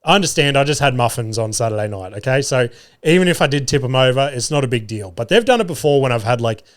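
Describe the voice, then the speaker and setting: A man's voice: mid-range voice, lively intonation, fast talker. Sweary man, casual podcast host. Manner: swears freely, rambling storyteller. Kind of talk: casual chat.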